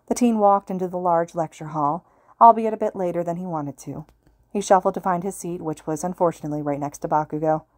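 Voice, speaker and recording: Woman reading a fan fiction audiobook, lowish calm voice, dry close read. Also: no room sound. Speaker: podfic reader.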